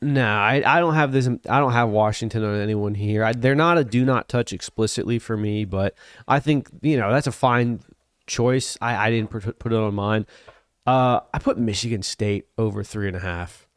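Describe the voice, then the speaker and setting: Co-host: low man's voice, dry sound, confident sports analysis. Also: normal speed, smooth, dry recording. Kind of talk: casual sports talk show.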